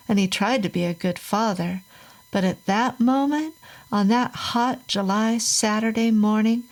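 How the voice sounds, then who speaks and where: A woman narrating a horror story in a measured storytelling manner. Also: medium pitch, a little mellow, poor audio.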